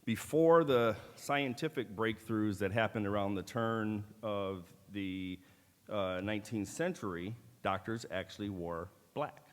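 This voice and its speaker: A middle-aged man with a fairly low voice delivers a formal ceremonial keynote. He talks in a measured, deliberate way and drops in dry, wry asides. His voice rings out through the long reverb of a large auditorium. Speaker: keynote speaker at a medical school ceremony.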